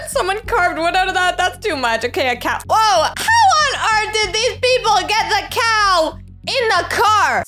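A woman hosting a casual reaction video, excitable and exclamatory, often gasping. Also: extremely high pitch. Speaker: channel host reacting to images.

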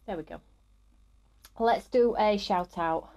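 A woman's voice: medium pitch, slow, warm tone, a little hiss or hum. A woman, middle-aged, hosting a live craft stream in an upbeat, chatty way and greeting viewers by name.

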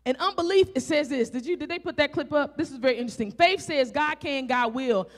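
A woman preacher with a Southern country accent, delivering a fervent sermon full of rhetorical questions, rising to shouts and drawing out scripture as she reads. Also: high-pitched, a little fast. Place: church sanctuary. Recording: echoey church hall.

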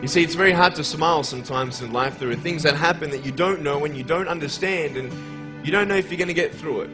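A man's voice: a little high, fast talker, low-quality recording. A young man giving a motivational speech, earnest and emphatic, asking his listeners rhetorical questions. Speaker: motivational speaker. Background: background music.

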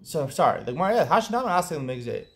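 Lively man teaching Talmud. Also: on the high side, very fast. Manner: lively explaining, quoting Aramaic in a chanting lilt, restarts. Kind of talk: daf yomi study lesson.

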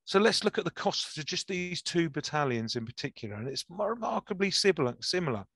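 A man giving a history lecture, reading a soldier's memoir aloud with lively enthusiasm and acting out the quoted dialogue. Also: on the high side, fairly quick, husky, no room sound.

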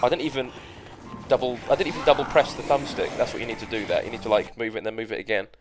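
A man's voice: medium pitch, fairly even intonation, very fast, music in the background. A man casually commenting on his gameplay, sarcastic, easily annoyed and swearing a lot. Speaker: let's play gamer.

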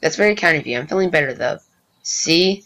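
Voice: mid-range voice, expressive, brisk, fairly bright tone, dull audio. A performer voicing a melodramatic male cat running for senator, amateur cartoon voice acting. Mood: gentle. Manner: self-pitying, melodramatic.

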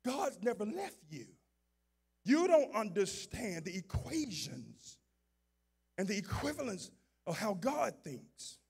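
A man preaching a sermon as pastor, moving from low, conversational talk to shouted, fervent preaching. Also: big pitch swings, slow pace, creaky, slightly rough.

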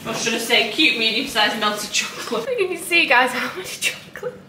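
A young woman with a slightly high voice talks her way through baking in a home kitchen, teasing and giggling. The home-video recording carries clear background noise. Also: lively intonation, fairly quick, echoey room. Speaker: vlogger. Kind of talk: casual chat while baking.

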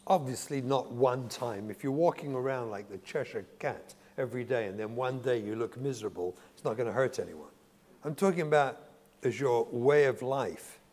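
A psychotherapist gives an earnest, emphatic lecture to a religious audience, repeating key phrases for weight. His voice is mid-range and a little mellow, and the recording carries a long hall reverb.

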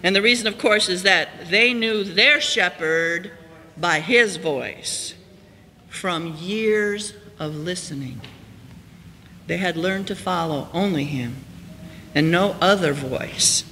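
A man with a high, bright voice preaches a storytelling sermon from the pulpit, swinging between ringing emphasis and hushed, slowed lines. His voice carries a long church-hall reverb with a faint hiss underneath. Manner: storytelling, rises high and loud for emphasis then drops soft and slow. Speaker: pastor. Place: church sanctuary.

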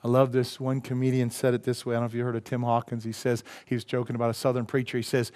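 Emphatic preaching man, loud and soft. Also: mid-range voice, completely flat delivery, very fast, hardly any pauses. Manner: preaching with sudden loud emphatic rises and drops to quiet. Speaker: pastor. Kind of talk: sermon. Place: church sanctuary.

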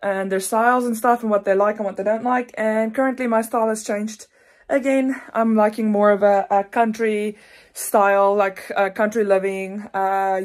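A young woman, chatting earnestly in a casual home vlog, full of fillers and restarts. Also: medium pitch. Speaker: vlogger.

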